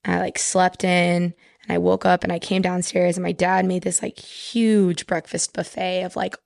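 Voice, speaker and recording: A woman's voice: lowish voice, little pitch movement, moderate pace, vocal fry, darkish tone, dry recording, studio quality. A young woman from Texas, a podcast guest telling a personal story in casual chat, full of "like" fillers.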